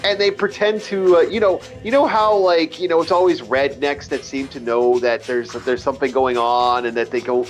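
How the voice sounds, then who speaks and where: A man's voice: mid-range voice, fairly even intonation, normal speed, few pauses, faint music behind. A man hosting a casual gaming chat, rambling and swearing with many stumbling restarts. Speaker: let's play host. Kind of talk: casual chat over gameplay.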